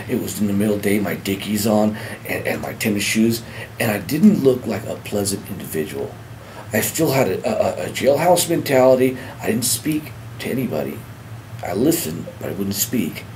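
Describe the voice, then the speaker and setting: Halting, earnest middle-aged man. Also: fairly low pitch, animated, darkish tone, slight background noise, rough recording. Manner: halting, repeats words and restarts; earnest, heartfelt storytelling. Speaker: speaker sharing a recovery story. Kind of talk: personal testimony.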